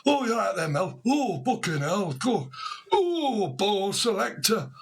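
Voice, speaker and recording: A man voicing a rowdy, excitable northern English man with a Northern English accent, talking brash and loud. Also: high-pitched, slow pace, creaky, breathy edge, pitched above the performer's own voice, exaggerated voice. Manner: shouting, brash, swearing.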